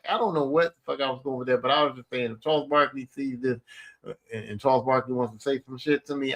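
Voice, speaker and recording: A man's voice: mid-range voice, fairly bright tone. A middle-aged man hosting his own podcast, talking in a blunt, rambling way and swearing casually. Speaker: podcast host. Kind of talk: casual solo podcast monologue.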